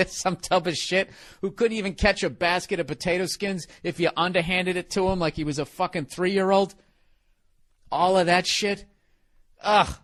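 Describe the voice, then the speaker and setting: A man's voice: sits high, fairly bright tone. A middle-aged man hosting a podcast, rambling through a comic monologue in a profane, sarcastic, ranting way. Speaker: podcast host.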